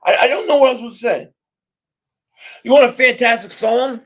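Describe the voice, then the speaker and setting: A man hosting a live sports reaction stream, ranting excitably and often shouting at the game. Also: extremely high pitch, a little fast. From Philadelphia area.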